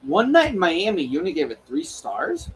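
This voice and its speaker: Animated man with a lively pitch. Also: normal speed, a little hiss or hum, low-quality recording. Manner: animated, teasing, swears casually. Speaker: podcast co-host. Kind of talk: casual film chat.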